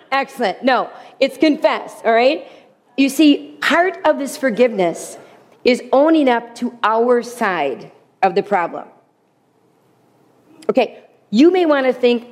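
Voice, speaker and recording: A middle-aged woman giving an earnest faith teaching to a group, acting out quoted speech in changing voices. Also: a little high. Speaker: Bible teacher.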